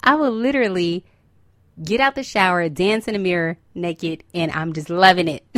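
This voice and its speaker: A woman's voice: on the low side, normal speed, fairly bright tone, dry recording, studio quality. A woman hosting a podcast, talking in an upbeat, chatty and encouraging way and laughing often. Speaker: podcast host. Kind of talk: casual motivational podcast talk.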